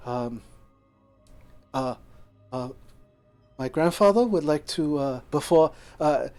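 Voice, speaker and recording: A man voicing a gentle noblewoman in a tabletop game, pitched a little higher than his own voice. She is formal and earnest, and her phrasing halts now and then. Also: lively intonation, slow pace, soft background music. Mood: polite hostess. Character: gracious noblewoman, gentle and emotional.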